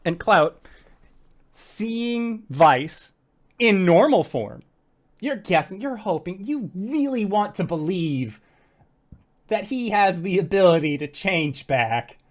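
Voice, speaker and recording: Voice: medium pitch, expressive, takes it slowly. A game master narrating a tabletop game in vivid, casual detail, peppered with "like" and the odd swear.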